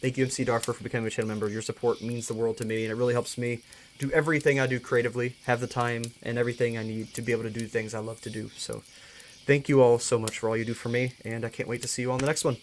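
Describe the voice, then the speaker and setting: A man's voice: medium pitch, little pitch movement, rapid-fire, slight background noise. A man hosting a live stream, closing it in an earnest, thankful way and often restarting his words. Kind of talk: casual live-stream sign-off.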